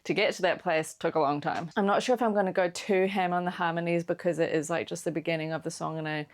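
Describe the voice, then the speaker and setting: A woman's voice: lowish voice, fairly even intonation, fast talker. A woman with a New Zealand accent, a songwriter chatting casually in a vlog, peppered with "like". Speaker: songwriter vlogger.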